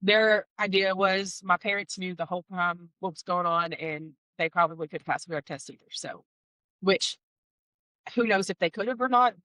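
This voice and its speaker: Bright-voiced woman, candid testimony. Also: lowish voice, no echo, rough recording. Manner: candid and heartfelt, with wry asides. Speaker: guest sharing a personal testimony. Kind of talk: emotional personal storytelling.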